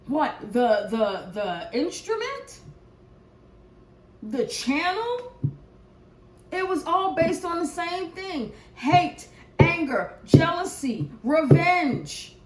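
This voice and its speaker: A high-pitched woman gives a preachy, cursing tarot reading. She speaks slowly and deliberately, sometimes loud and sometimes near a murmur. Her voice rings around an echoey room over a faint background hiss. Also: big pitch swings. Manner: profane, preachy, swings from shouting to hushed prayer. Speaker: tarot reader. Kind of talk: impassioned collective reading rant.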